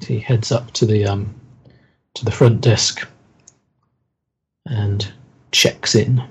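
A man narrating a tabletop game as game master, slow and hesitant with many pauses and ums. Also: on the low side, fairly even intonation, a little hiss or hum, low-quality recording.

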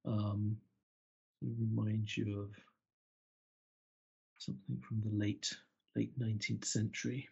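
Halting, gravelly man running a tabletop game. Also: lowish voice, little pitch movement, darkish tone. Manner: hesitant, many ums and restarts. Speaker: game master. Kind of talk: narrating a tabletop game over a call. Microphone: computer mic on a call. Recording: dull, muffled call audio.

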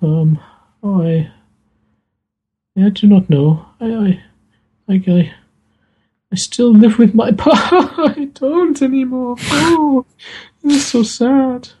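A man voicing a grieving, timid young Italian woman in a tabletop game, sighing and halting as he talks. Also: very high-pitched, warm tone, husky, pitched above the performer's own voice, full character voice, low-quality recording. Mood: flustered.

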